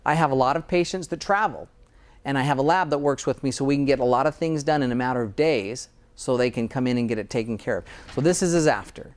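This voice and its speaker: A man's voice: mid-range voice, quick pace. A middle-aged American dentist in a casual interview, earnest and sometimes getting emotional about his work. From United States.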